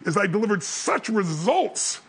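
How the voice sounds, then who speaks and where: A man telling a story as a motivational speaker, acting out the other people's voices and building up to loud peaks. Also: high voice, very animated, measured pace, slightly rough. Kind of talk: storytelling talk.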